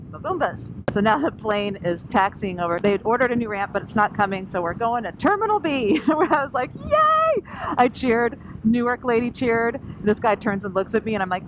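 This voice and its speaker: Woman, scooter vlogger, animated storyteller, laughs often, road and engine noise behind. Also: on the high side. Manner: animated, laughing, acts out quotes. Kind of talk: casual storytelling vlog.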